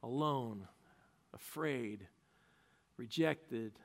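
A male pastor preaching a sermon, retelling a story with animated narration and acted-out quotes. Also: medium pitch, drawn-out words.

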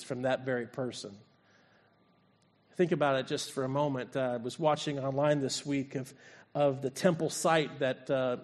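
A male pastor preaching a sermon, retelling a scripture story and acting out its voices. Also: mid-range voice. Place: church sanctuary.

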